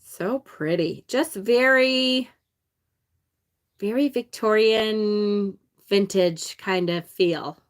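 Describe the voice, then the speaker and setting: This tarot channel host draws out her words in a medium-pitched voice. Speaking with an upstate New York accent, she unboxes a card deck on a casual live stream, chatting with viewers, reading their comments aloud and laughing often.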